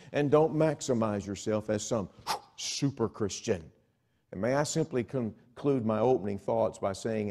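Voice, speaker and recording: An evangelist delivers a revival sermon in a church, his voice sitting at an ordinary middle pitch. He talks in a conversational way and voices the doubts of imagined listeners. Then he builds to loud, ringing exhortations. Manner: animated, swings from soft asides to loud exhortation. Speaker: evangelist preacher. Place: church sanctuary.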